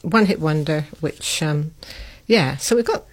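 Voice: mid-range voice, lively intonation, moderate pace. A radio presenter from Britain chatting casually on air. They are a friendly co-host who often chimes in to agree.

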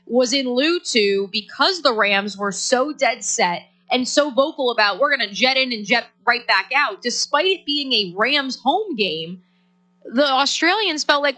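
A woman's voice: fairly high pitch, animated, a little slow, pushed and bright. A woman co-hosting a sports radio show, chatting playfully and trailing off into restarts. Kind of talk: casual sports radio chat.

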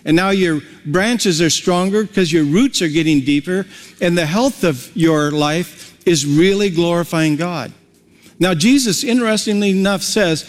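A man's voice: on the high side, normal speed. Folksy preaching man in a reverberant hall. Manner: folksy, conversational preaching with homely examples. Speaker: pastor. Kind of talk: sermon.

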